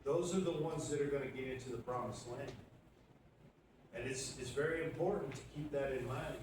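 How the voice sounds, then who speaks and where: Male pastor, mid-pitched and conversational, recorded from afar in a boomy sanctuary. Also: normal speed. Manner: conversational, with fillers and questions to the congregation. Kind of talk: sermon, Bible teaching. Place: church sanctuary. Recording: echoey church room from far off, audible background noise.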